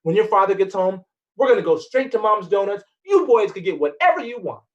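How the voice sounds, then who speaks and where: A man voicing a loving, fussing mother of two boys who scolds and dotes loudly in a told story. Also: sits high, very animated, fairly quick, muffled recording, pitched above the performer's own voice. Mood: relieved. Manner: loud, scolding, doting.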